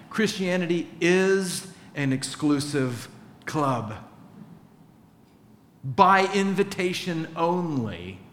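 Guy pastor preaching, slightly high voice, acts out little convos, big echoey church. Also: fairly bright tone. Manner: conversational, acts out little dialogues in different voices. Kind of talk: sermon. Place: large church hall. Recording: echoey hall, faint ambience.

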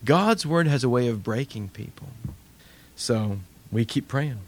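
Male pastor, mid-pitched, lively sermon delivery with quoted voices. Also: unhurried. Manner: animated storytelling, acts out quoted voices.

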